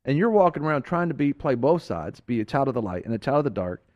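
A man preaching fervently as a talk show host, swinging between emphatic outbursts and hushed, earnest passages. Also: medium pitch, very animated, fast, dry recording, lo-fi sound.

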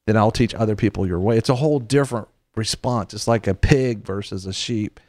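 Middle-aged male host preaching on a faith talk show, lowish voice, earnest and chatty, dry close mic. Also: fairly quick, a little mellow, no room sound. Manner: earnest, conversational, with repeated restarts.

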